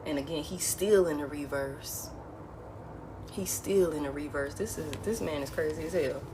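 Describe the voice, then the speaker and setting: This tarot reader is a woman with a deep voice and moderate pace; she's frank and casual, repeats her main phrases, and calls the listener "baby," with background noise behind her.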